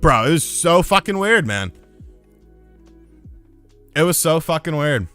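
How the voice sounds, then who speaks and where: A man casually telling a profane story on a live stream, getting loud and heated when he retells a fight. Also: on the high side, very animated, a little slow, clear, resonant tone, no echo, soft background music. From lived in North Carolina.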